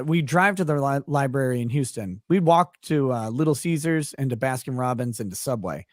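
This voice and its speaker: A man's voice: fairly high pitch, dry recording, clean studio sound. A man hosting a casual chat with friends, telling rambling, profane stories about family and childhood. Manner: rambling storyteller, loose and profane. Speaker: host.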